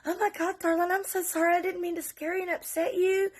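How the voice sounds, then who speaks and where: A woman's voice: very high voice, flat delivery, fast, voice pushed up. A woman voicing an angry middle-aged father who bellows from his porch. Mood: apologetic. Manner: bellowing, gruff.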